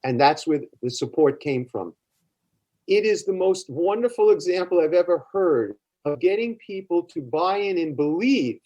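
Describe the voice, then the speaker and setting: A man's voice: high-pitched, warm tone. An older man with a Brooklyn accent, a therapist guest on a podcast, telling long stories in a rambling way with many fillers and restarts. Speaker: guest, psychotherapist. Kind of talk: conversational storytelling.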